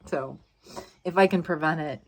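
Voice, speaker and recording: A woman hosting a casual vlog outdoors in a marshy refuge, talking into a handheld camera with giggly, gushing excitement. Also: low-pitched, normal speed, a little hiss or hum. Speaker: vlog host. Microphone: handheld camera at arm's length.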